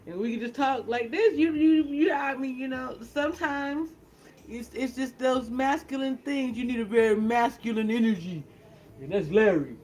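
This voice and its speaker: A woman hosting a casual livestream. She chats in an animated, teasing way, laughs often, and restarts her sentences a lot. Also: a little high, moderate pace, a little hiss or hum, poor audio. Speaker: livestream host.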